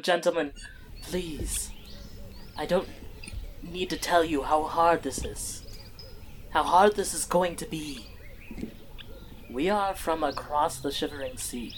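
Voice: medium pitch, a little hiss or hum, lightly acted. A game master voicing an earnest noble woman who urges her companions toward unity. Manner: pleading, rallying speech.

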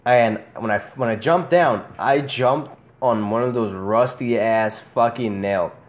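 A man's voice: medium pitch, measured pace. A young man hosting a podcast, telling childhood stories in casual chat, swearing freely and laughing often. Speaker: podcast host.

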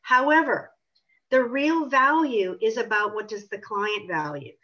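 A woman's voice: on the high side, a little slow, a bit bright. A woman author answering interview questions in an emphatic, assertive way. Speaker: author and pricing consultant. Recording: dull lo-fi audio.

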